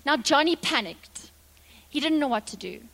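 High-voiced woman preaching a sermon. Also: moderate pace. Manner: lively, dramatic storyteller. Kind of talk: sermon storytelling.

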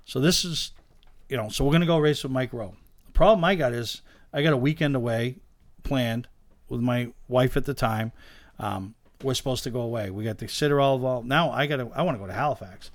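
A man, a guest telling lively stories about owning race cars in a casual chat, acting out the voices of the people in them. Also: medium pitch, a little fast, no room sound. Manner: animated anecdote teller, acts out quoted dialogue. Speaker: guest, race car owner. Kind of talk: casual storytelling in a podcast chat.

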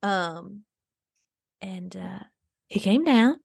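Woman doing a self-absorbed rich suburban mom, gravelly, rambling, for a comedy podcast, dry sound. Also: medium pitch, lively intonation, extremely slow, a little mellow, no echo, full character voice. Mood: rambling, chatty. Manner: rambling, breathless oversharing.

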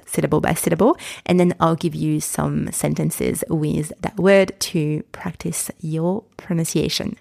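Slow, careful woman teaching pronunciation. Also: deep voice, creaky, darkish tone, no echo, studio quality. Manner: slow, careful, repeats sounds for the listener to copy. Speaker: podcast host and pronunciation teacher. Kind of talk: podcast pronunciation lesson.

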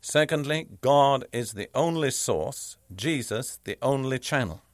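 A man preaching a sermon, teaching in a measured, emphatic way with deliberate pauses. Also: medium pitch, expressive, no room sound, clean studio sound.

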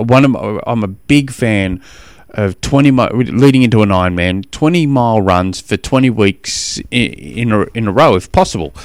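A man's voice: lowish voice, no room sound. A man with an Australian accent hosts a podcast in casual chat. He rambles along with frequent restarts. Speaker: podcast host.

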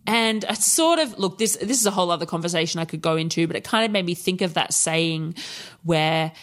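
A woman's voice: on the low side, brisk. A woman co-hosting a podcast in casual chat, candid and sweary, telling stories with frequent laughs and acting out past conversations. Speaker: podcast co-host.

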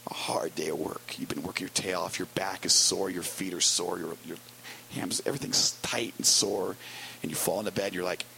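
A man preaching a conversational sermon as pastor, wry and storytelling with quick asides. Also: low-pitched, fairly even intonation, creaky, pushed and bright, slight background noise, poor audio.

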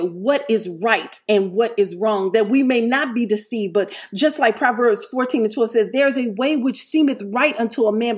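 A woman's voice: mid-range voice, a little mellow. A woman preaching a sermon with emphasis, repeating key lines and punctuating them with hallelujah. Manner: slows and stretches words for emphasis.

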